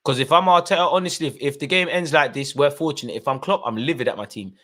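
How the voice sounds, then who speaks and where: Excitable young man at a match. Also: on the high side, fast talker. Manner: excitable, shouts at players and referee. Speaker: football fan channel host. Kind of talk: live match watch-along commentary.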